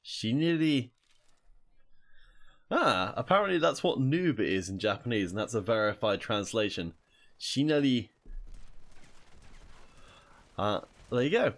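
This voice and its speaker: A young man with a lowish, fairly bright, sing-song voice casts a mobile shooter tournament alone, speaking briskly with few pauses. He reads viewer chat and talks with his audience between plays.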